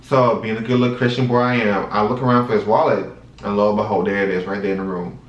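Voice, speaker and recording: A man in his twenties hosting a vlog, telling a story in a chatty, animated way and talking straight to his viewers. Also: on the low side, fast talker, muffled recording. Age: 20s. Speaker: vlog host. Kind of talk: casual storytime monologue. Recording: roomy sound from a distant mic.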